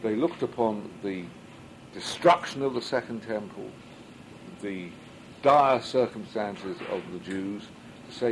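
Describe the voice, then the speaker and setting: A man's voice: on the low side, a little slow, background noise. A man teaching a Midrash class as a rabbi, reading Hebrew and then translating it, and asking rhetorical questions that he answers himself. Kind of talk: Midrash study lesson.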